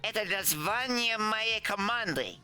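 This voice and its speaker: A man on a casual stream putting on a high, playful voice for a young male fox pilot who leads a squad. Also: animated, a little slow, over loud music. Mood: proud. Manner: speaks Russian in a raised, playful put-on voice, breaking into laughs.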